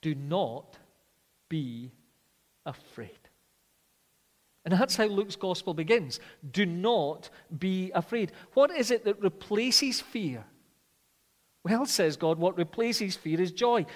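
A man preaching a sermon, reading scripture aloud and repeating key phrases, often slowing down and dropping his voice softly to press a point home. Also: sits high, lively intonation, long reverb tail.

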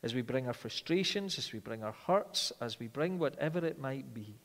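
Male preacher, earnest sermon delivery that drops to quiet, slow emphasis; long hall reverb. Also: medium pitch, lively intonation. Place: church.

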